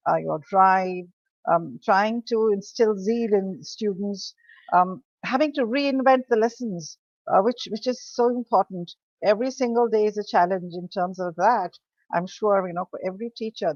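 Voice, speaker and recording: A woman moderating a panel, appreciative of the speakers and filling pauses with ums and uhs. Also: medium pitch, dry recording. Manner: warm, appreciative, many fillers. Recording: dry, dull lo-fi sound.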